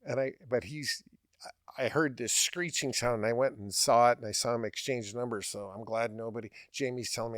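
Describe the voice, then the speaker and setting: Animated man telling a funny story. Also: medium pitch, dry recording, studio quality. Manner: animated, laughing, quick restarts. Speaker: podcast host. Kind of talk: casual storytelling.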